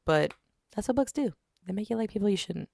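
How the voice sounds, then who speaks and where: A woman giving a casual, animated book review, retelling the plot and dropping in quick voices for the characters. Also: medium pitch, vocal fry, breathy edge, no echo, studio quality.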